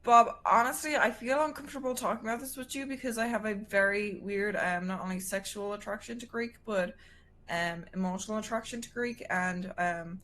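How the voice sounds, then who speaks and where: A woman's voice: medium pitch, steady tone, a little fast, fairly bright tone, slight background noise. A woman streamer chatting casually as a guest, teasing and sarcastic. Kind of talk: casual livestream chat.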